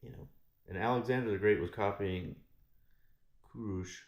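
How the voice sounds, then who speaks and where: A man telling a story in casual, profane chat, animated and rambling with frequent swearing. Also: lowish voice, moderate pace, gravelly. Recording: echoey room.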